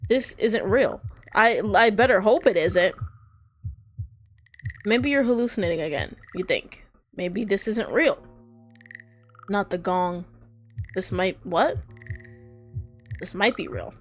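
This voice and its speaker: Streamer lady reading creepy game text, dramatic, slow, little freakout asides, quiet music. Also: mid-range voice, expressive. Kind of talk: reading a horror visual novel aloud.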